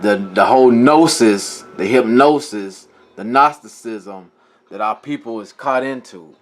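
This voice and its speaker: A man's voice: medium pitch, a little slow, faint music behind. A man teaching from scripture in a casual way, reading passages aloud and often stopping to correct himself and talk to his viewers. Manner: informal, talks straight to viewers. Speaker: religious teacher.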